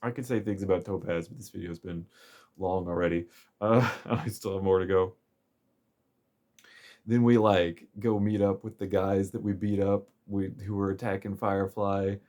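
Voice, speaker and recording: Low-voiced man rambling through a game recap. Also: fairly even intonation, moderate pace, a little mellow. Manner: rambling, chuckling, many fillers. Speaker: game story commentator. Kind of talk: casual recap commentary.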